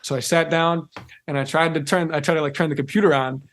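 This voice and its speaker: A young man from Ohio, a recording engineer telling an animated story as a podcast guest, filling his talk with "like". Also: on the high side, fast. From Cleveland, Ohio, USA. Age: young adult. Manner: animated, acts out quoted voices, fills with "like". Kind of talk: casual storytelling.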